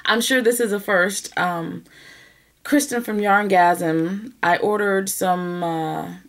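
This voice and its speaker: A woman with a mid-range voice hosts a knitting podcast, chatting casually to camera at a slow pace. She's animated and laughs often, though at times she grows emotional and comes close to tears.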